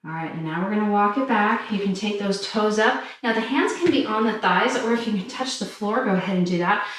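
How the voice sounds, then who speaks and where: A woman fitness instructor calmly talking listeners through a stretching cool-down while doing it herself. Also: medium pitch, a little fast. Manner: calm, encouraging cues while demonstrating stretches. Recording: very echoey room, mic far off.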